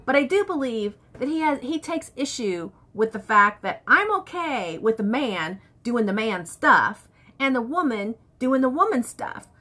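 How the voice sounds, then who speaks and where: A woman's voice: a little high, big pitch swings, a little slow, sharp tone. A woman vlogger chatting candidly to camera, telling stories from home life. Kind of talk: casual chat to camera.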